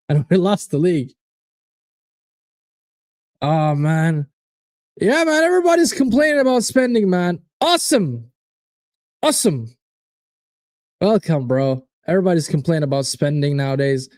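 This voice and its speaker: A man's voice: high voice, no room sound. A man hosting a live football watchalong, chatting casually, swearing and reacting to viewers' predictions. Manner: animated, swearing, reads out chat predictions. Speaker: watchalong host.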